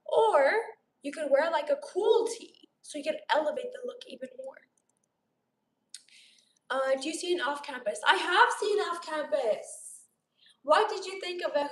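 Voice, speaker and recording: High-voiced chatty woman in an echoey room. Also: expressive, normal speed. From Romania. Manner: bubbly, gushing, chatty, replying to chat aloud. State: sore throat. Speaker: livestream host. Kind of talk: casual live-stream chat with viewers. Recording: roomy echo.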